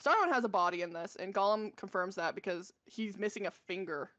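A woman's voice: medium pitch, fairly quick, fairly bright tone, no echo, lo-fi sound. A woman co-hosting a podcast, casually retelling a book's plot with many fillers and self-corrections. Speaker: podcast co-host.

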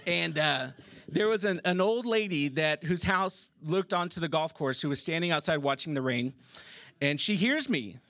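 A man recounts a personal story before a theater audience. His voice sits high, and his telling is casual and animated, salted with swearing and bursts of laughter. The sound is close and dry. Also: normal speed, no room sound. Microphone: stage microphone.

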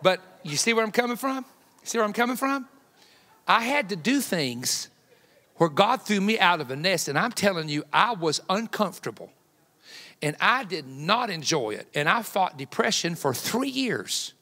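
A man in his fifties, a guest evangelist preaching a sermon with folksy, joking personal stories that build to loud emphatic peaks. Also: high voice, very animated, moderate pace. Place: church sanctuary. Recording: long hall reverb in a church.

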